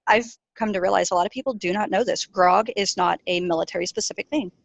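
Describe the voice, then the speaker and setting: A woman's voice: medium pitch, quick pace, vocal fry, no echo. A woman co-hosting a podcast in casual chat, telling stories in a joking, profane way. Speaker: podcast co-host.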